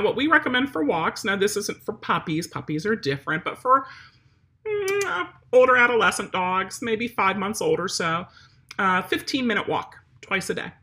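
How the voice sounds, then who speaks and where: A woman's voice: mid-range voice, bright, forceful tone. A woman dog trainer giving direct, chatty instructions on potty training a dog, talking straight to the viewer. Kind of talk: instructional talk.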